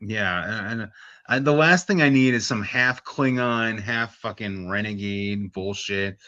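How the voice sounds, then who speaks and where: A man's voice: lowish voice, a little slow, bright, forceful tone, no echo, dull audio. A man co-hosting a podcast in casual chat, blunt and profane, rambling with lots of fillers. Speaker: podcast co-host.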